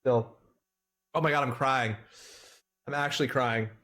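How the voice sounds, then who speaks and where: A man streaming a video game, chatting casually with animated, rambling asides. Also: mid-range voice, unhurried.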